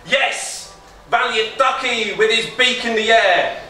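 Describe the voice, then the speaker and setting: Rambling high-voiced man at an echoey live gig. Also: takes it slowly, pushed and bright. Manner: rambling, self-interrupting, giggling. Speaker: contestant poet. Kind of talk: deliberately bad comic poetry performance. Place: live small venue stage. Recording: echoey room, distant mic, crowd noise.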